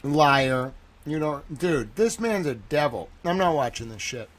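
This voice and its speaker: Slow-talking streamer man, profane outbursts. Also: a little high, expressive, a bit bright. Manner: profane, exclaiming, swings between mutters and outbursts. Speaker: live streamer. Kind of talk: live reaction stream.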